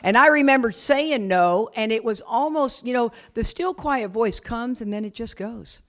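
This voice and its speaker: A woman's voice: on the high side, animated, normal speed, fairly bright tone. A middle-aged woman speaking at a recovery retreat, telling her story candidly with self-deprecating humor. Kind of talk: personal recovery talk.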